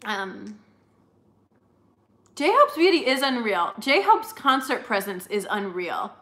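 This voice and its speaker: A woman's voice: mid-range voice, sing-song, slow pace, pushed and bright. Chatty young woman, rambling fan talk. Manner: chatty, rambling with many fillers. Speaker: live stream co-host. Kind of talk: casual chat with viewers.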